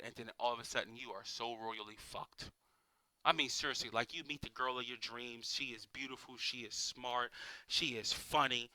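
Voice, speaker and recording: A man's voice: high-pitched, pushed and bright, no echo. A man doing a profane stand-up comedy rant, full of exasperated rhetorical questions. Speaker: amateur stand-up comic.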